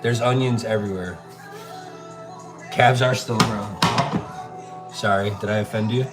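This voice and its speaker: A man with a fairly low, steady voice talks unhurriedly over loud background music. He's a chef livestreaming while he cooks, chatting casually, answering viewer comments and calling people bro and dude.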